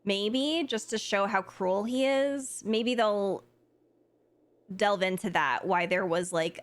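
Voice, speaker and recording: A woman streaming a game live, chatting casually and thinking aloud with lots of fillers. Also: on the low side.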